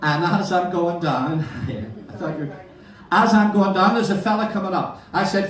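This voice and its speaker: A man's voice: high-pitched, moderate pace, slight background noise. An older man doing live stand-up, telling cheery one-liner stories to a hotel audience. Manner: cheery storyteller, addresses the audience as ladies and gentlemen. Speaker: stand-up comedian. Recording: echoey hall from far off.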